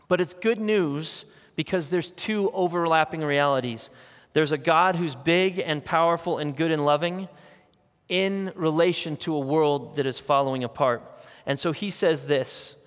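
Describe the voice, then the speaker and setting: A man's voice: a little high, normal speed, a bit bright. A man preaching a sermon as pastor, talking earnestly and conversationally and pressing his points through repetition. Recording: long hall reverb.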